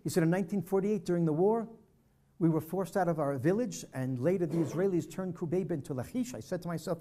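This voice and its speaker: Older man telling a story, mellow voice. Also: fairly high pitch, fast. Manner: vivid storyteller acting out dialogue. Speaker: speaker at a peace dialogue presentation. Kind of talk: personal storytelling talk. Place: church hall presentation.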